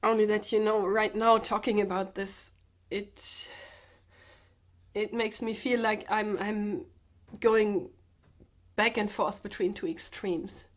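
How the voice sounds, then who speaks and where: A sick woman vlogger talking in a subdued, slightly sedated way, halting and restarting as she speaks from the floor at home. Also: mid-range voice, fairly even intonation. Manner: halting, hesitant, with many restarts. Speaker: comedian and vlogger. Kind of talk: personal confessional vlog. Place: indoors, sitting on the floor with pillows.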